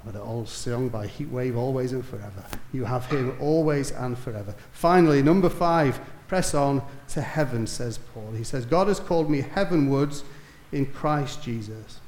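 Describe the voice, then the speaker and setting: A man preaches with a mid-range voice, telling stories that climb to loud, emphatic peaks before falling to hushed asides. His voice rings through an echoey room. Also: medium pitch, moderate pace, hardly any pauses, slight background noise. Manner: storytelling, rising to emphatic peaks then dropping soft. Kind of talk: sermon.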